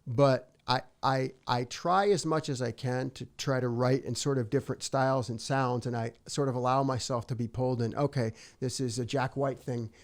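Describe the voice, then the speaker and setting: A man's voice: medium pitch, steady tone, normal speed, few pauses. A middle-aged man, a singer-songwriter, talking casually and reflectively in an interview, rambling a little and acting out his own past thoughts.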